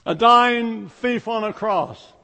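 Man, pastor, sermon, high voice, long reverb of a church hall. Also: slow. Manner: storytelling, shifts from hushed asides to loud emphasis.

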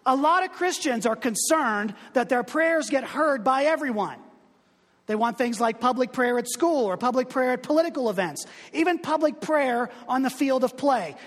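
A man's voice: extremely high pitch, expressive, moderate pace, fairly bright tone, in a large hall. A male pastor giving a conversational, humorous sermon full of asides.

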